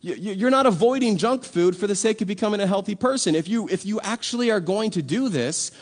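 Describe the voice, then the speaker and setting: A man's voice: high-pitched, animated, fast talker. A man preaching a sermon in a conversational, emphatic way, full of rhetorical questions. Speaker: pastor.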